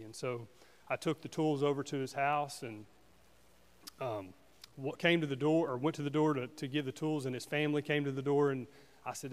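A man's voice: mid-range voice, fairly even intonation. Guy sharing his testimony at church, earnest, stumbles and restarts a lot, mid voice, long hall reverb. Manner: earnest, halting, with many restarts and "you know"s. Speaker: church member giving a testimony. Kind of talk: personal testimony in a church service.

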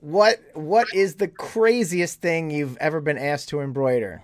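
A man co-hosting an interview, animated and quick to laugh. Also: fairly high pitch. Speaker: podcast co-host. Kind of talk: casual interview chat.

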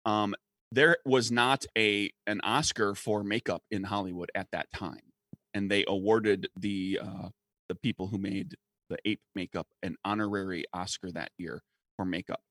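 A man's voice: lowish voice, fairly even intonation, normal speed, a bit bright, no echo. A man in his forties co-hosting a casual podcast chat, rambling with restarts. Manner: rambling, many fillers and restarts. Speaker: podcast co-host.

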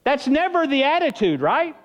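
A man's voice: very high-pitched, very animated, moderate pace, lo-fi sound. A man preaching a sermon as pastor, earnest and conversational, shifting his emphasis as he speaks.

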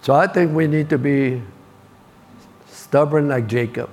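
A man's voice: a little high, measured pace, long pauses, a little mellow, slight background noise. An older man preaching a sermon, telling stories and repeating key lines for emphasis.

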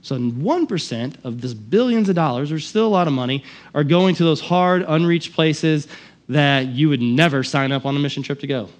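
A man's voice: fairly high pitch, normal speed. Impassioned preacher, man. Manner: impassioned, swings from loud emphasis to quiet asides. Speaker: pastor. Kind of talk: sermon.

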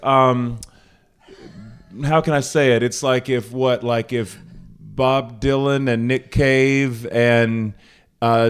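A rambling man from Charlotte, North Carolina hosts a house show, his mid-range voice clear and resonant. Chatting casually to a small audience in a living room, he jokes and keeps interrupting himself. He's a podcast host.

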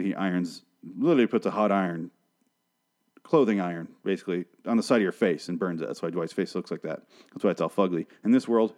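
Male podcast host, low-ish voice, swears freely, rambles and corrects himself mid-recap. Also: darkish tone. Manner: rambling, profane and self-correcting. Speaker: TV show review host. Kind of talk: casual solo recap podcast.

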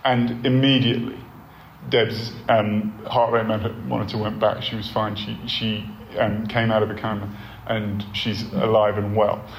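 A man, a church leader giving a sermon-style talk, earnest and animated, with frequent ums and restarts. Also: on the low side, vocal fry. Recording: roomy hall with faint background noise.

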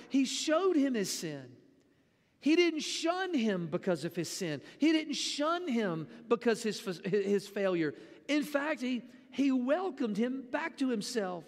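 A man with a strikingly high voice gives a sermon, talking in a loose, conversational way. He often restarts with repeated words. His voice carries a long reverb from the hall. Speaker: preacher.

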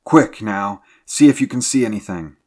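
A man voicing an alarmed ship's mate who shouts urgent orders in a read-aloud sea story. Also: lowish voice, lively intonation, normal speed, pitched above the performer's own voice.

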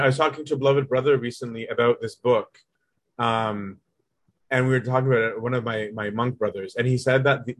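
Chatty man giving a spiritual lesson. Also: medium pitch. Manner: conversational, checks in with "right?" often. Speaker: monk teaching on a spiritual text. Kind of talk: casual spoken lesson.

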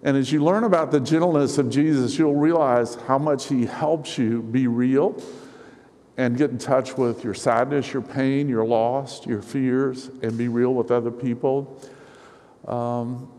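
A middle-aged male pastor preaching a sermon to his congregation, earnest and personal, with soft storytelling asides. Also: mid-range voice, steady tone, measured pace. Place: church sanctuary. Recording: reverberant hall.

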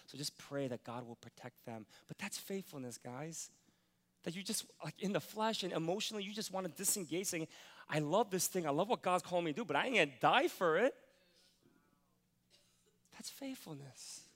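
A middle-aged man preaching a sermon as pastor, animated, moving from quiet, earnest passages to loud, excited ones. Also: mid-range voice. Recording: long reverb of a large hall.

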